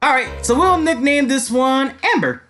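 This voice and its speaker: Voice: sits high, moderate pace, a bit bright, soft background music. A game streamer giving casual gameplay commentary, rambling, swearing freely and laughing often.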